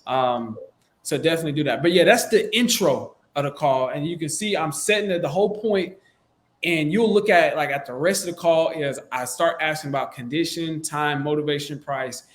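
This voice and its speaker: A man from the States, coaching in a relaxed, slangy, conversational way on a close microphone. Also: on the high side. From Southern United States. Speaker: sales coach. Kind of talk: casual instructional talk.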